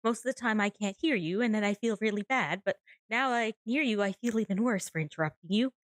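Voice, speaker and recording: A woman's voice: medium pitch, quick pace, no echo. A woman playing a tabletop game, speaking earnestly and apologetically with some stammering. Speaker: player. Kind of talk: in-character tabletop play.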